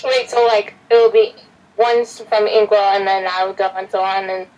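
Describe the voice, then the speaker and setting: A woman's voice: mid-range voice, steady tone, moderate pace, a little mellow, poor audio. A woman in casual podcast chat, giggly and a little scattered. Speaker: podcast participant.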